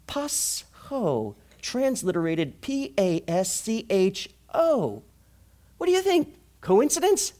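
A man's voice: very high-pitched, a little slow. Man preaching a sermon, voice swings up and down a lot, fires questions at the crowd. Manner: animated, asks the congregation rhetorical questions.

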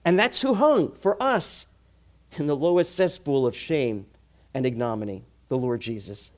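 A male preacher giving a sermon with a strongly varied, animated voice. He keeps putting rhetorical questions to the congregation and answering them himself. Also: mid-range voice, moderate pace.

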